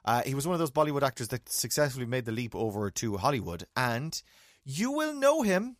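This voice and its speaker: A man's voice: medium pitch, fast, no echo, clean studio sound. A man, a radio host chatting casually, joking and rambling with restarts. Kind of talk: casual chat.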